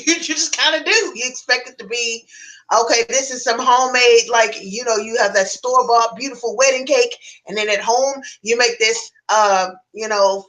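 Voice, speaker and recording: A woman's voice: high voice, pushed and bright, low-quality recording. A woman co-hosting a podcast, reviewing a book in a chatty, emphatic way and laughing as she talks. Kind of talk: casual podcast chat.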